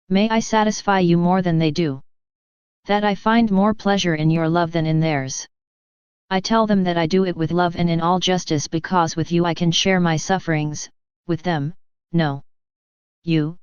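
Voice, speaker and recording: A woman reading Jesus, gentle and sorrowful. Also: on the low side, clear, resonant tone, no room sound, dull audio, lightly acted.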